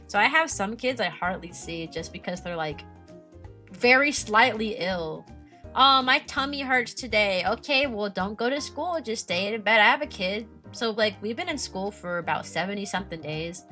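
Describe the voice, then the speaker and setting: A young woman, a streamer who teaches kindergarten, chatting casually and animatedly about her work, often mimicking parents in a higher voice. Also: lively intonation, normal speed, pushed and bright, faint music behind. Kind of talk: casual chat.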